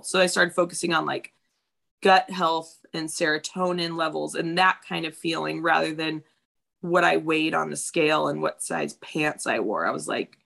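A woman's voice: low voice, steady tone, normal speed, creaky, a bit bright. A woman in her thirties talking candidly in casual chat, swearing freely and acting out what people said.

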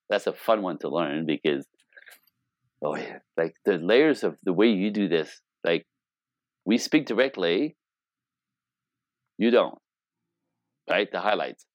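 Middle-aged man, low voice, very lively pitch, dry close sound, relationship coach, casual and playful. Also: no echo. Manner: acts out quoted dialogue with playful exaggeration, swearing freely. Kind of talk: animated casual talk.

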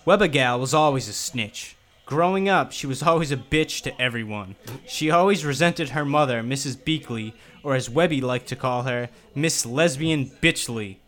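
A man co-hosting a casual comedy podcast, reading a story aloud in deadpan style with wry asides. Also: mid-range voice, moderate pace, hardly any pauses.

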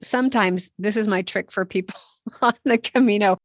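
A woman's voice: medium pitch, normal speed, no room sound, clean studio sound. A woman who is a native English speaker hosting a podcast language lesson, upbeat and self-deprecating as she prompts each word. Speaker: podcast host.

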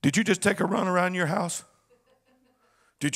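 A man preaching as pastor, swinging from a low murmur to high, chanted shouting in a sing-song cadence. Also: moderate pace. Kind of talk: sermon.

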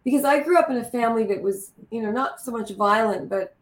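A woman telling a lively anecdote in an interview, acting out the lines of the people in it. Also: a little high, quick pace, a little hiss or hum. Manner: lively anecdote teller, acts out quotes. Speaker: guest. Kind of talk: animated storytelling in conversation. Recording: roomy echo.

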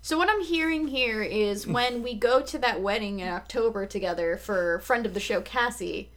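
A woman's voice: on the high side, normal speed, a bit bright. A woman co-hosting a podcast, chatting casually and laughing often as she recaps a show. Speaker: podcast co-host.

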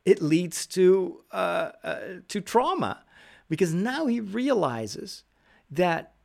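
Guy with a gravelly voice just talking through a show casually, lots of ums and restarts. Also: sits high, sing-song, slow, a little mellow. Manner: thoughtful, with frequent fillers and restarts. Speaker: commentator. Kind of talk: casual video commentary.

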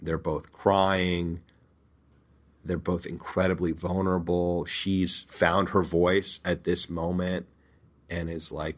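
A man's voice: sits low, little pitch movement, takes it slowly. A man working as a reality TV producer, telling a story candidly and earnestly, often repeating words for emphasis.

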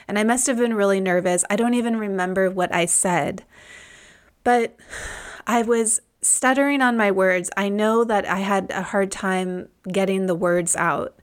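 A woman's voice: medium pitch, a little slow, clear, resonant tone. A woman in her thirties hosting a podcast, telling a personal story in a reflective, heartfelt way. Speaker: podcast host.

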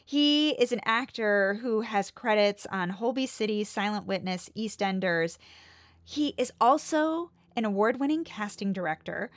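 A woman's voice: medium pitch, expressive, a little slow, no room sound. An American woman co-hosting a podcast in casual chat, reeling off details with easy laughs. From United States. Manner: chatty, laughing, piles up details. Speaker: podcast co-host.

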